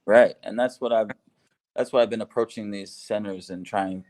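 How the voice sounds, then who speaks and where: A man's voice: fairly low pitch, fairly even intonation, moderate pace, a little mellow. A man co-hosting a casual conversation, upbeat and enthusiastic, laughing easily. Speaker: co-host, expat living in Laos.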